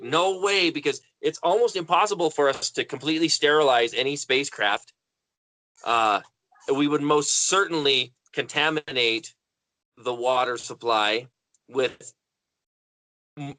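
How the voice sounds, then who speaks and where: Casting: jokey, animated man, bright forceful voice, close dry mic. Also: medium pitch, unhurried, dry recording, rough recording. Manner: animated, jokey, thinking aloud. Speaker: podcast co-host. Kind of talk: casual chat.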